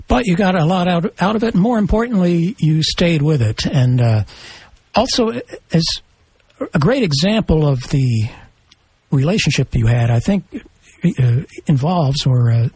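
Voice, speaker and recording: A male host leads a guest through her story, pausing often with fillers as he speaks. His voice is very raspy and dark in tone. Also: fairly high pitch, expressive. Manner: halting, with many filler hesitations. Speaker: radio interview host. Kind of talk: interviewing a guest.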